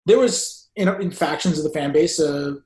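Interviewer with a roomy echo. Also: male voice, fairly high pitch, darkish tone. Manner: halting, restarts questions. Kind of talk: interview questions.

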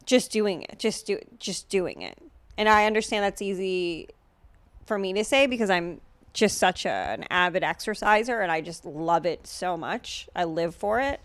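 A woman's voice: fairly low pitch, expressive, normal speed, dry recording. A woman co-hosts a podcast in loose, casual chat. She is blunt and swears freely, jokes as she goes and fills her talk with "like" and "literally". Her voice is dry and close, with no room sound. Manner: blunt, profane and joking, with many fillers. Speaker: podcast co-host.

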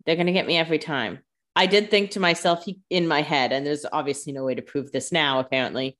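A woman co-hosts a casual podcast, reacting to her partner with dry, joking comments. Her voice sits noticeably low. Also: fast talker, a bit bright. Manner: wry, joking asides. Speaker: podcast co-host. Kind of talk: casual chat.

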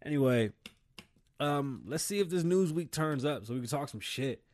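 A man's voice: a little high, expressive, normal speed, darkish tone. A middle-aged man hosting his own show, giving a casual, blunt motivational talk and swearing freely. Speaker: show host.

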